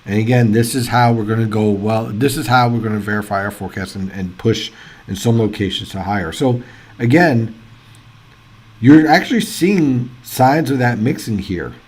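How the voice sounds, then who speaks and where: A man hosting live weather coverage, chatty and excitable, thinking out loud as reports come in. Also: lowish voice, normal speed, slightly rough. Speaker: weather livestream host. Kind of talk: casual live weather commentary.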